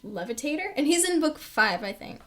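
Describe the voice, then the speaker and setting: Woman, high voice, giggly, casual podcast chat, laughs often. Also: animated, moderate pace. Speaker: podcast co-host.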